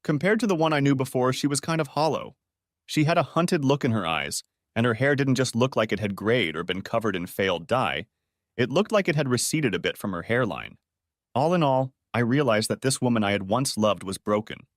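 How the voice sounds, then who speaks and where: A man narrates a first-person story in a steady, measured read. His voice sits mid-range, and the recording is dry and close. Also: medium pitch, no room sound.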